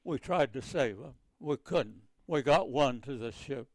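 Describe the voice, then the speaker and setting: An older man, a navy veteran, recounting wartime memories in a halting, repetitive way with many restarts. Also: mid-range voice, expressive, no room sound.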